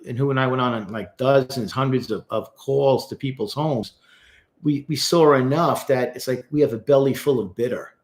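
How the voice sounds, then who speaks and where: A man, a therapist, breaking down song lyrics in casual, animated commentary, talking straight to the viewer. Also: medium pitch. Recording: echoey room.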